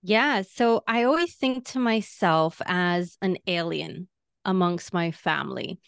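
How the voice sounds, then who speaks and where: A woman in her forties from Queens, New York, with a mild Latina-tinged New York accent, speaking as an animated, effusive podcast guest. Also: lowish voice, gravelly, smooth, dry recording, clean studio sound. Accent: New York with a slight Latina tinge. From Astoria, Queens, New York. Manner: animated, effusive, quick to laugh. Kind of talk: casual interview conversation.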